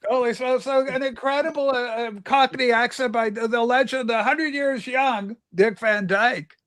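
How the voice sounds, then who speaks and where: A man's voice: very high-pitched, fairly even intonation, moderate pace, fairly bright tone. A man hosting a casual livestream chat, teasing and exclaiming as he talks. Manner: exclaims "holy smokes", teasing. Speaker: livestream host. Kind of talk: casual banter.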